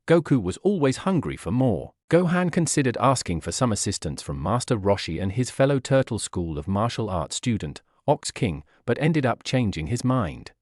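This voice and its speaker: A man reading a fan-fiction story aloud as narrator, with a steady, plain delivery. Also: medium pitch, no echo, studio quality.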